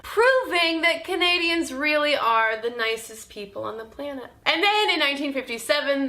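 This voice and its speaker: Jokey woman vlogger, high voice, bright and kinda sharp, sarcastic little asides. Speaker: video host. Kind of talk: comedic vlog narration.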